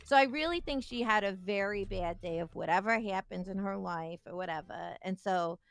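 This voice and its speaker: A woman's voice: mid-range voice, moderate pace, creaky, faint music behind. A young woman hosting a stream, telling a story in casual chat and acting out the people she quotes. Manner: animated storytelling, acts out quotes. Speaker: streamer host.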